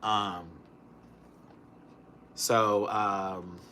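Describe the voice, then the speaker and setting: Animated, swearing man ranting on camera. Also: fairly low pitch, extremely slow, a little hiss or hum. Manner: animated, profane storytelling with big swings between loud outbursts and hushed mutters. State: recovering from illness. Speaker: vlogger. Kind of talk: casual ranting vlog.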